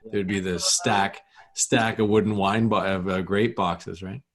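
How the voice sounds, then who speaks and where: A man co-hosting a casual video chat, telling a relaxed anecdote. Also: low voice, a little slow. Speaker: co-host, comedian and sommelier.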